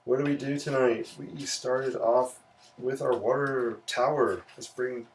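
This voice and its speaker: A man's voice: medium pitch, a little slow, distant mic, slight background noise. A man hosting a live sketching and painting stream, talking casually and playfully to viewers as he works. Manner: relaxed, chatty, playful asides. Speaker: livestream art host.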